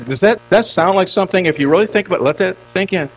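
A man's voice: high-pitched, fast talker, poor audio. An older man preaching a sermon as pastor, emphatic and repeating phrases for stress.

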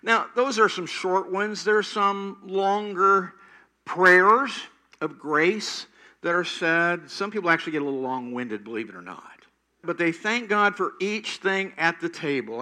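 Bright-voiced older male preacher. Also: sits high, moderate pace. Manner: animated storytelling, acts out quoted prayers. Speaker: pastor. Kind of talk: sermon.

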